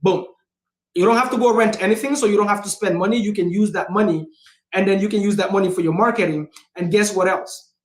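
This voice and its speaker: A man hosting a livestream as a real estate investor, speaking in a casual, energetic, emphatic way and repeating phrases for punch. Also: high-pitched, fast, reverberant. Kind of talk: casual motivational talk.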